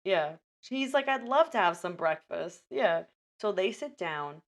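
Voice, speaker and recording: Animated woman retelling a film, slightly low. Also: a little slow. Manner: animated storytelling, retelling film scenes with quoted lines. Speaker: podcast host. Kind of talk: casual podcast chat.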